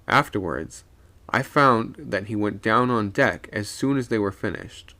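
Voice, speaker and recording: Gravelly man reading a ghost story. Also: on the low side, a little slow. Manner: expressive storyteller voicing each character.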